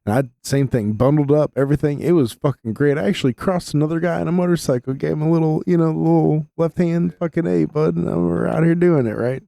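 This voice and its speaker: A mellow, warm-toned man, trading profane, teasing banter in a casual podcast chat. His voice sits dry and close to the mic. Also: on the high side, brisk, creaky, hardly any pauses, no room sound. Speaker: podcast co-host.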